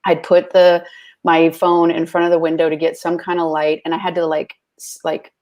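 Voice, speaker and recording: A woman's voice: low-pitched, monotone, normal speed, a little mellow. A woman guest in casual conversation, talking freely and chattily with lots of fillers. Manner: chatty, full of fillers like "like" and "you know".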